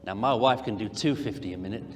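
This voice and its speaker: A man's voice: on the low side, fast. A man giving a playful, teasing contest speech in a large conference hall.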